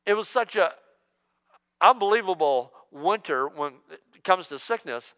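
A man in his sixties preaching a sermon as pastor, joking and emphatic, swinging between loud outbursts and hushed asides. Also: sits high, lively intonation, measured pace, long reverb tail. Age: 60s.

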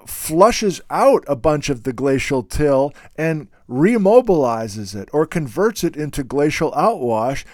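A man hosting a casual, unscripted talk about geology. He speaks in an emphatic, animated and opinionated way. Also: a little high, no room sound, clean studio sound. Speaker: host.

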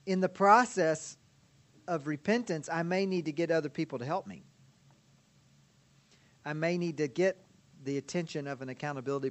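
High-voiced man teaching, chatty and amused. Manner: conversational, laughs often, checks in with "right?". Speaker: counseling instructor. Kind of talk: teaching lecture on biblical counseling.

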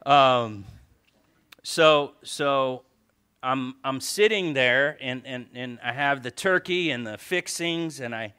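A male pastor preaching a sermon, telling a story with animated swings between soft asides and loud exclamations. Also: medium pitch, slow, smooth.

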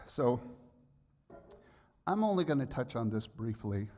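A man's voice: mid-range voice, sing-song, unhurried, a little mellow. A pastor in his sixties preaching a sermon, telling a personal story and rising into emphatic outbursts. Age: 60s.

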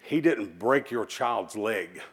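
A man's voice: lowish voice, animated, slow pace, husky. A male pastor preaching a sermon in an emphatic style, leading the congregation in call-and-response and shifting into folksy, conversational asides.

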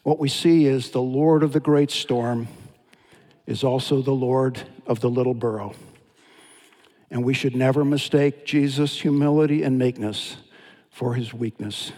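A pastor preaching a sermon, telling Bible stories in an animated, dramatic way. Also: male voice, mid-range voice, measured pace. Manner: storytelling, animated with dramatic retellings. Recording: long hall reverb.

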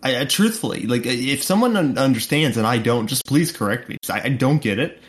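A man's voice: medium pitch, animated, fairly quick. A man co-hosting a podcast, chatting casually and slipping into sarcastic mock rants. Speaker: podcast co-host. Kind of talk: casual chat.

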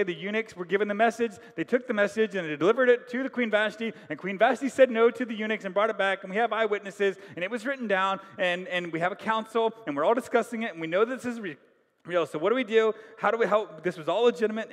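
A man preaching a sermon in an animated, joking way, acting out the figures of the story. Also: sits high, long reverb tail. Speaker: pastor.

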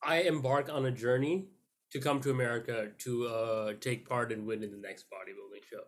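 A man's voice: mid-range voice, steady tone, a little fast. A young man hosting a podcast, telling a rambling story with crude jokes in casual banter. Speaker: podcast host.

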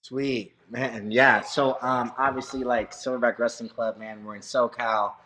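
A man's voice: medium pitch, steady tone, measured pace, bright, forceful tone. A man who coaches wrestling, a guest in a casual interview, telling stories in a rambling way with plenty of swearing and laughter. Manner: swears freely, laughs a lot, rambling storyteller. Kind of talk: casual chat.

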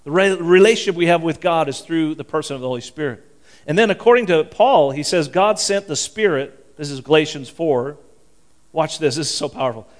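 A male pastor giving a sermon in a church, talking in an animated, conversational way, fervent and full of restarts. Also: a little high, a little fast.

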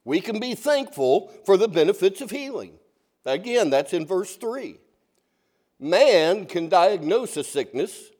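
High-voiced man preaching a folksy sermon. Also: big pitch swings, unhurried, darkish tone. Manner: folksy, asks the congregation questions. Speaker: pastor.

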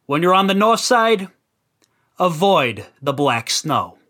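A man narrating a dark comic rhyming tale with a theatrical delivery. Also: sits high, very animated, slow. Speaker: storyteller.

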